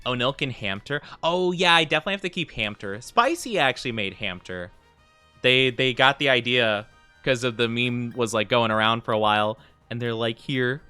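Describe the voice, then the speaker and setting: Bright-voiced man chatting on a game stream. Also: mid-range voice, moderate pace, clear, resonant tone, no echo, faint music behind. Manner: rambling and chatty, with lots of fillers. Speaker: livestreamer. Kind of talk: casual chat with viewers while playing a game.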